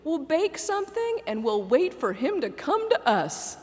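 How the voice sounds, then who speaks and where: Brief: preacher doing homey Southern mother-in-law, exaggerated drawl, lively sing-song. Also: high voice, measured pace, in a large hall, voice pushed up. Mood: sweet, folksy. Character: folksy old mother-in-law, homey and doting.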